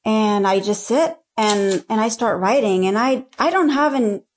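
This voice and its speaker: A woman's voice: on the high side, unhurried, a little hiss or hum. A woman author talking frankly about her writing in an interview, rambling with many restarts. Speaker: erotica author, guest. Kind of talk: casual interview talk.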